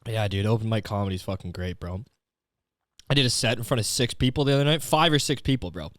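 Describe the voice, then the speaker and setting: A man's voice: fairly low pitch, fast talker, a bit bright, no echo, clean studio sound. A young man from Canada hosting a comedy podcast, talking in a profane, rambling, slang-heavy rant. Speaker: podcast host.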